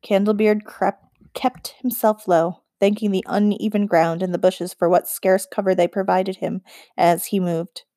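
A woman narrating a children's fantasy novel as an audiobook, in a measured storytelling read. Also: medium pitch, level tone, warm tone, dry recording, clean studio sound. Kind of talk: scripted narration.

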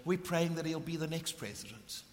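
Preacher guy, middle-aged, fervent, loud then hushed, big reverby church hall. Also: a little high, animated, brisk. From South Africa. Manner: passionate, swings from ringing emphasis to hushed intensity. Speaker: visiting preacher. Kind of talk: sermon with storytelling. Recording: long reverb of a large hall.

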